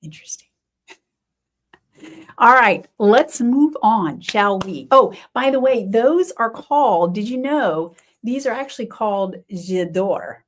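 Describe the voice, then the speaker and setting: A middle-aged woman hosting a knitting podcast, chatting casually and thinking aloud with quick exclamations. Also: fairly high pitch, animated. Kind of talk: casual livestream chat.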